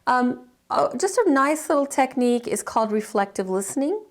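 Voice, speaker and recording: A middle-aged woman gives an informal lesson on counseling skills, her voice sitting a little high. She talks in a loose, chatty way, full of fillers and restarts, and acts out short sample exchanges as she teaches. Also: very animated, moderate pace. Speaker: counseling instructor.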